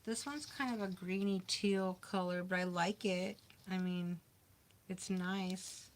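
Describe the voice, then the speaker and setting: Chatty middle-aged woman crafting, slow talk. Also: lowish voice, steady tone, a little hiss or hum. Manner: chatty, talks to herself while working. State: overheated, having a hot flash. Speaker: crafting livestream host. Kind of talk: casual crafting livestream chat.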